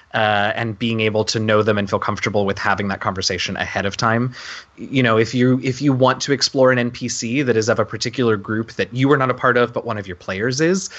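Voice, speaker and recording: A man co-hosting a casual podcast about running tabletop games, talking in an earnest, animated way with lots of fillers and restarts. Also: on the low side, muffled recording. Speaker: podcast co-host. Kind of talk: casual discussion about tabletop game mastering.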